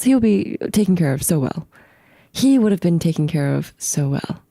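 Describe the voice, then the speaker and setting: A woman streamer chatting casually with her viewers, giggling often and breaking into squealing high laughs, with a slangy way of talking. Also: lively intonation, moderate pace, mellow, no echo. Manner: talks to chat, slangy. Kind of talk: casual live-stream chat reacting to clips.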